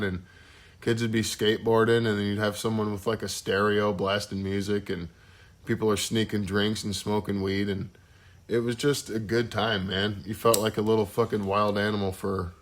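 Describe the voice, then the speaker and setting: A young man with a fairly low voice, chatting casually on a podcast. He rambles through his stories and swears freely as he goes. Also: fairly bright tone. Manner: rambling storyteller, swears often. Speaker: podcast co-host. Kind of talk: casual chat.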